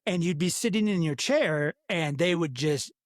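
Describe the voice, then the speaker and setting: A man in his fifties chatting bluntly on a podcast, swearing without a second thought. His voice sits a little high for a man, and the sound is dry and close. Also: animated, moderate pace, dry recording. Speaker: podcast co-host. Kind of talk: casual chat.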